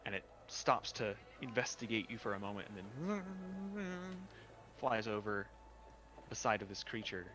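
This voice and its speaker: A man's voice: fairly low pitch, sing-song, unhurried, bright, forceful tone, slight background noise. A man narrating a tabletop game as game master, describing scenes with small hesitations.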